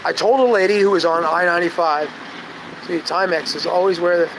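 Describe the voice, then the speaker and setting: Rambling man with a slightly high voice. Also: a little fast, noisy background. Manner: tangential, storytelling, loses his train of thought; gentle, soft-spoken when calming people. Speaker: vlogger. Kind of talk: rambling live-stream chat.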